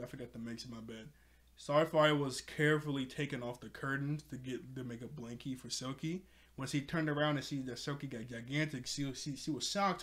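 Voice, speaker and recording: A man casually recapping a cartoon episode in a rambling, self-correcting, offhand way. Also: medium pitch.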